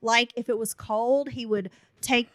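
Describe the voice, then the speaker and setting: A woman's voice: on the high side, fairly even intonation, measured pace, a bit bright, dry recording. True crime podcast host woman, dry sound. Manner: reads case notes, then adds blunt asides.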